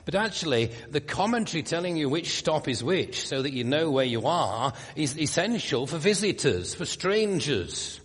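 Yorkshire preacher guy, older, talks plain then gets emphatic, bit husky, echoey big room. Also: fairly high pitch, very animated, moderate pace, hardly any pauses. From Yorkshire, England. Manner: conversational, wry asides, emphatic rises. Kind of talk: sermon.

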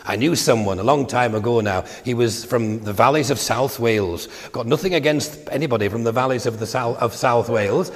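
A man's voice: mid-range voice, fairly quick, few pauses, big-room sound. An older man preaching a sermon in a church, in a conversational way with asides.

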